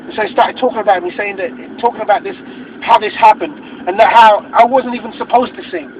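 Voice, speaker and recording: A man with a high voice tells a story with excitement. He acts out quotes and restarts his sentences as he talks. The phone recording sounds muffled, and loud road noise fills the car around him. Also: fast talker. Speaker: interviewee. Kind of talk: animated storytelling. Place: inside a moving car.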